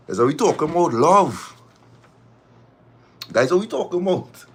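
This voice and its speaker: A man with a Trinidadian accent chatting casually on a live stream, lively and repeating his phrases as he urges viewers to press like. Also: fairly high pitch, normal speed, long pauses.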